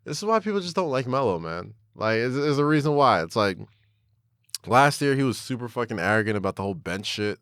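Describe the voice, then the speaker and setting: A man's voice: mid-range voice, sing-song, a little fast, fairly bright tone, clear, resonant tone, no room sound, studio quality. A man co-hosting a comedy podcast, giving blunt, opinionated takes on basketball. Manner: blunt, opinionated sports talk. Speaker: podcast co-host. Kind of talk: casual comedy banter.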